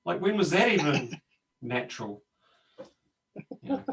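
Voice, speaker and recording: Guy co-hosting a chatty talk show, rambly and animated, mic sounds a bit far. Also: a little high, measured pace. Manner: rambling, animated storytelling with restarts. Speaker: co-host. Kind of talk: casual conversation about personal growth.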